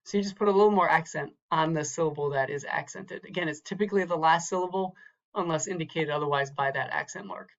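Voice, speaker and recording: A man's voice: on the high side, fast talker, vocal fry, a bit bright, dull audio. A man teaching a recorded lecture from slides, carefully sounding out words syllable by syllable and repeating them. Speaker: Hebrew teacher.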